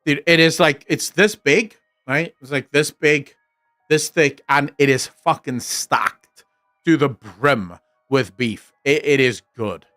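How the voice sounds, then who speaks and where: A man's voice: fairly high pitch, slow pace, bright, forceful tone, no echo, studio quality, faint music behind. A young man chatting casually on his stream, rambling and swearing freely. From South Africa. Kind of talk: casual chat reacting on stream.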